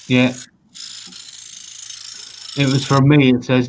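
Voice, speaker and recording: Mid-pitched man from the United Kingdom, dry co-host in casual chat. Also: steady tone, a little slow, low-quality recording. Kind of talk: casual live stream chat.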